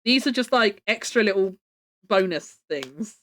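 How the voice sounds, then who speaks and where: A woman's voice: mid-range voice, lively intonation, a little slow, a bit bright. A young woman chatting casually on a livestream, rambling with lots of fillers and casual swearing. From United Kingdom. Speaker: live streamer.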